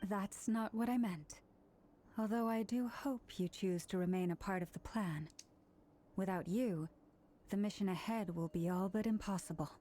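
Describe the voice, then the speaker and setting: A woman's voice: medium pitch, normal speed, dark tone, a little hiss or hum, lightly acted. An actress playing a polite, earnest woman ally in a video game.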